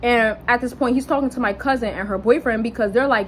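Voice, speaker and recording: A young woman casually telling a personal story, animated and swearing, jumping up high when she quotes people. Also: fast, slight background noise, poor audio. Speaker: vlogger.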